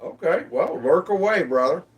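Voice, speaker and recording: A man's voice: a little high, expressive, moderate pace, recorded from a distance. A man casually hosting a livestream from his phone, greeting viewers by name in an easygoing way. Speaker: livestream host. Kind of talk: casual livestream chat reading comments.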